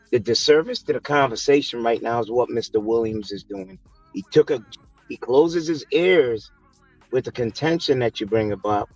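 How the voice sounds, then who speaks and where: A man's voice: medium pitch, no echo. Man lecturing over a dull, dry line. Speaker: call-in panelist. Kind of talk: panel debate.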